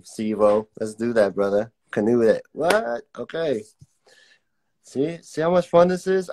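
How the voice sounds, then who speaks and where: A man's voice: on the low side, a little mellow. Laid-back man teaching a drawing class. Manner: laid-back, chatty, reads out viewer comments. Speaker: art teacher. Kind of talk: casual live-streamed drawing class.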